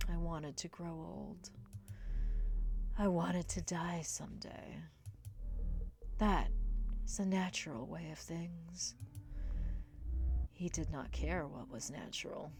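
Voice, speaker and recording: A woman voicing a sorrowful female vampire ghost who speaks formally in a slow, half-whispered hush. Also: fairly low pitch, gravelly, background noise.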